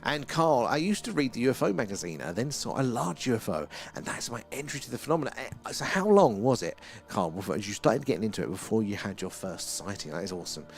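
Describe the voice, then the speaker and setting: A man's voice: fairly low pitch, very animated, quick pace, vocal fry, hardly any pauses. Chatty English man hosting a live stream. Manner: chatty and rambling, reads out chat names, laughs often. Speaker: livestream host. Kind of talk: live stream chat reading viewer comments.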